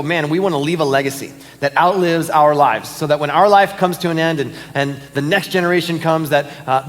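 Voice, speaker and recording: A man's voice: fairly high pitch, long reverb tail. A man, a pastor giving casual announcements and stories in a church service. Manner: casual, animated storyteller with fillers and laughs. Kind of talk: sermon announcements and storytelling. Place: church auditorium.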